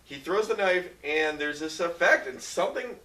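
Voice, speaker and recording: A man co-hosting a film review chat, rambling and thinking out loud as he talks. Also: high-pitched, lively intonation, moderate pace. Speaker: film review podcast co-host. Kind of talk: casual chat. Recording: echoey room, distant mic.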